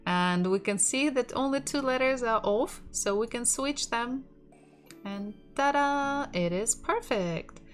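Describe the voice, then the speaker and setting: A woman with a Russian accent teaching an online language lesson in English, explaining patiently and laughing softly now and then. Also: a little high, expressive, slow pace. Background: soft lo-fi music.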